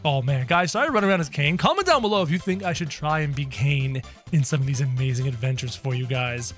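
A man hosting a gaming video, giving excitable gameplay commentary and talking straight to his viewers. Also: fairly high pitch, a little fast, over music. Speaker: gaming channel host.

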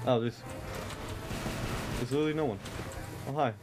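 A young man streaming a shooter game live, rambling and swearing excitably with lots of filler words. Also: mid-range voice, moderate pace, music in the background. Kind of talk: live gameplay commentary.

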